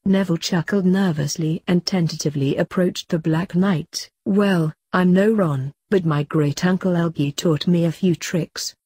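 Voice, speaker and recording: Woman reading fanfiction, low mellow voice. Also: fairly even intonation, normal speed, hardly any pauses, husky, no echo. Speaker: fanfiction reader. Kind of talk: reading a fanfiction story aloud.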